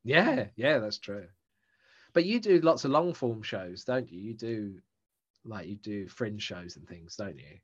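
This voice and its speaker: A man's voice: lowish voice, animated, unhurried. A man, a stand-up comedian chatting casually on a podcast and telling rambling, self-mocking stories. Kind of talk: casual chat between comedians. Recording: dull lo-fi sound.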